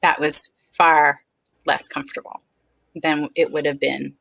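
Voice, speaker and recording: Interview guest, woman, 40s: candid and earnest, low-set but bright voice, dry close sound. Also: little pitch movement, a little slow, creaky, no echo, poor audio. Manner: frank, earnest and open. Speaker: guest, speech-language pathologist.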